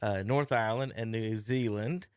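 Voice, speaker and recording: A man co-hosting a sports talk show, wry and quick to laugh, slowing down when reading out facts. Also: fairly low pitch, smooth, no room sound, clean studio sound. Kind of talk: casual studio banter. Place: radio studio.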